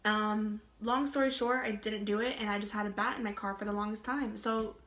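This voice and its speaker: A woman's voice: mid-range voice, steady tone, fairly quick, fairly bright tone. A young woman telling a personal story in a casual vlog, chatty and full of "like", with laughing asides. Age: young adult. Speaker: vlogger. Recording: roomy echo.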